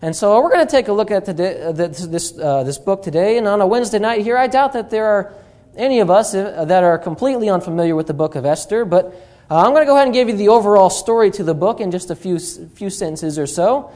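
A man's voice: sits high, lively intonation, quick pace, darkish tone. A man preaching at an evening church service, rambling with many fillers and humorous asides. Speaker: guest preacher.

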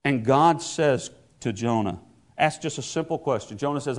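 A man with a mid-range voice preaches a sermon at a moderate pace. He stammers and restarts on repeated words, then builds into emphatic proclamations.

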